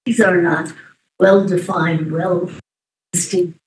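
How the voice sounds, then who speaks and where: A woman giving expert testimony in a courtroom under cross-examination, halting and often trailing off mid-sentence. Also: on the low side, fairly even intonation, noisy background. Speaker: expert witness. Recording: roomy, distant courtroom audio.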